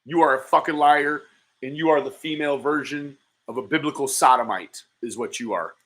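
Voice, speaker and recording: A man's voice: mid-range voice, brisk, background noise. A man hosting a livestream, reacting to a played clip with profane, mocking insults and thanking his viewers. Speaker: livestream commentator.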